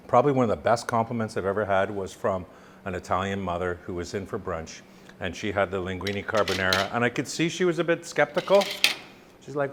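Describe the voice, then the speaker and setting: A man cooking and demonstrating a recipe as a chef, chatting with jokes and lively asides. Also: on the low side. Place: kitchen, cooking at the stove. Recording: sizzle and kitchen noise. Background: sizzling pan.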